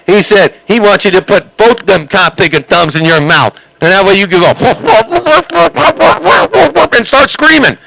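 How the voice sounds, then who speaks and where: Over a crackly CB radio, a man trash-talks, taunting, laughing, and repeating himself. His high voice is animated yet unhurried, creaky and sharp in tone, with few pauses.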